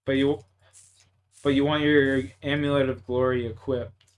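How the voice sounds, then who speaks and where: A man's voice: mid-range voice, moderate pace, clear, resonant tone. A man from Canada, chatting casually and cursing while streaming a game and telling stories. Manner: profane, excitable storytelling with laughs. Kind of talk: casual chat while gaming.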